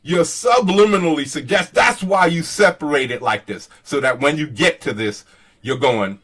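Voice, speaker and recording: A man's voice: fairly high pitch, normal speed, fairly bright tone, echoey room, far from the mic. A man hosting his own channel in a heated casual rant, profane, emphatic and argumentative. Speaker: channel host.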